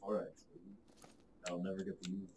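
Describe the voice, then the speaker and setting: A young man chatting casually while gaming, excitable, swearing and calling his friend bro. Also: low-pitched, normal speed, slightly rough. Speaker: gamer.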